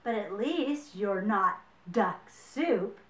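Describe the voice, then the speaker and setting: A woman voicing a kind female friend who speaks in a gentle, consoling way. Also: medium pitch, lively intonation, very slow, reverberant, voice pushed down.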